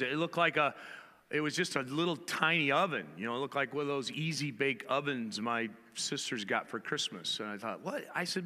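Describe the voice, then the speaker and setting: A man's voice: mid-range voice, lively intonation, moderate pace, pushed and bright, in a large hall. A man preaching a casual, joking sermon to his congregation, acting out little bits of dialogue as he tells stories. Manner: humorous storytelling, acts out dialogue. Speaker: pastor. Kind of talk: conversational sermon. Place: large church hall.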